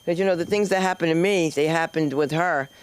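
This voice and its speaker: A man hosting a comedy open mic, teasing the comics with gruff banter between acts. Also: on the high side, steady tone, brisk.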